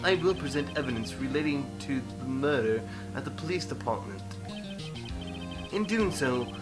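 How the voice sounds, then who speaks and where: A man voicing a cool, confident prosecutor with a measured, formal delivery in a video game playthrough. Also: medium pitch, natural voice.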